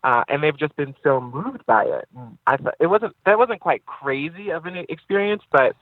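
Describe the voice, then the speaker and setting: A man's voice: on the high side, normal speed, no echo. A man, an actor guest in a casual interview, chatting loosely with lots of fillers and easy laughs. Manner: relaxed, rambling, frequent fillers and laughs. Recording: dry, phone-like line.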